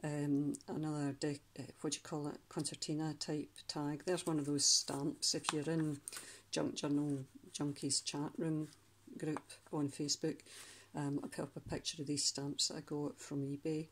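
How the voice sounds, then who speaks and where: A Scottish woman with a low voice talks casually through a handmade journal, page by page. She rambles a little and often stops mid-sentence to hunt for the right word. It is a relaxed craft flip-through, as if she is chatting to the viewer. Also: normal speed, few pauses, slight background noise. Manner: chatty, rambling, searching for words.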